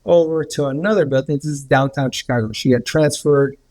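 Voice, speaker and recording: A man's voice: a little fast, darkish tone. A man, a healer and podcast guest, telling a story in casual talk with many fillers. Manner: rambling, many fillers, acts out others' quotes in a higher voice.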